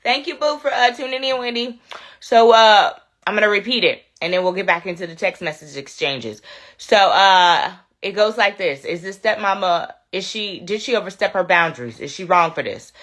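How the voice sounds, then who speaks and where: A woman's voice: mid-range voice, expressive, normal speed, fairly bright tone. A woman hosting a casual livestream, who has a cold, talks straight to her viewers and weighs in on a story she has read out. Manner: chatty, talks straight to viewers with "y'all" and "you know what I'm saying". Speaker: livestream host.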